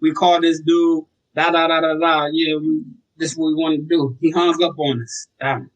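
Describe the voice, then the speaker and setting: A man's voice: fairly high pitch, normal speed, muffled recording. A man telling business stories in casual, slangy podcast talk. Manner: relaxed, slangy, tells stories with acted quotes. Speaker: guest, sober home operator.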